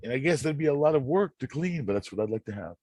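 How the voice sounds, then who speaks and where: A man hosting a channel, reading self-help quotes and musing aloud in a slow, rambling way, often repeating words. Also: medium pitch, expressive, darkish tone, slightly rough, dry recording. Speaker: channel host.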